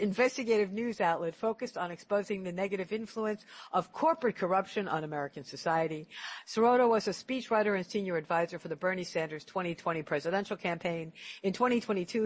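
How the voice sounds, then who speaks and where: A man hosting an interview, chatty and telling stories, often repeating words as he starts a sentence. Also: high-pitched. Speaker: interview host. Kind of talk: casual storytelling interview.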